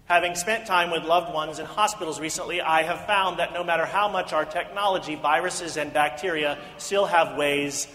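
A male pastor delivers an earnest sermon, building to emphatic rhetorical questions. His voice sits fairly high, and a long reverb trails each phrase through the roomy worship space. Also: fairly even intonation, normal speed, hardly any pauses, sharp tone. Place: house of worship. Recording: echoey hall reverb.

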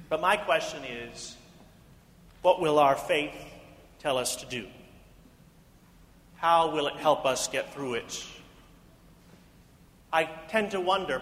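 A male pastor delivers an earnest sermon, building to emphatic rhetorical questions. His voice sits fairly high, and a long reverb trails each phrase through the roomy worship space. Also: fairly bright tone. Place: house of worship. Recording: echoey hall reverb.

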